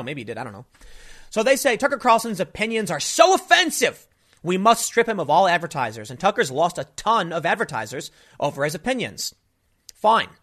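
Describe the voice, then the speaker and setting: Male commentator, fairly high voice, casual monologue with lots of restarts. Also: a bit bright. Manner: rambling, frequent restarts and fillers. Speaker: political commentator.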